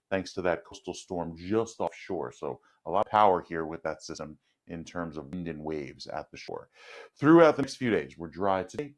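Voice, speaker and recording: A man giving a TV weather forecast in a brisk, explanatory way. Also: low-pitched. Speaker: meteorologist.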